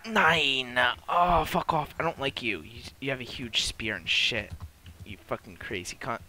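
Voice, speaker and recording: Playing a multiplayer beta, this man narrates live, cursing nonstop and snapping at enemies in frustration while confessing he's new to the game. His medium-pitched voice is a little slow, bright, and forceful, with a little hiss or hum in the recording.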